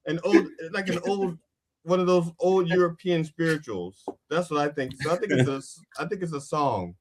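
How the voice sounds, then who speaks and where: A man's voice: on the high side, normal speed, slight background noise. A man chatting as a guest comedian on a podcast, riffing loosely with lots of restarts and "you know"s. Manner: rambling riffs full of restarts and "you know". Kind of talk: casual comedy podcast chat.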